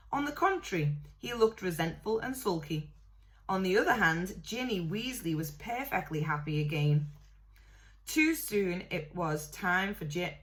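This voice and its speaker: A woman reading a novel aloud in a steady way, now and then correcting a slip. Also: fairly low pitch. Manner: steady read-aloud with small self-corrections. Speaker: reader.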